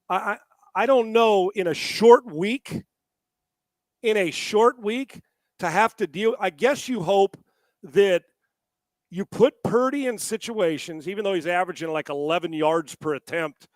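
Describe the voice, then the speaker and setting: A man co-hosting a casual sports talk show, animated and profane, often stammering and restarting his sentences. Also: high voice, no echo. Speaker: sports analyst co-host.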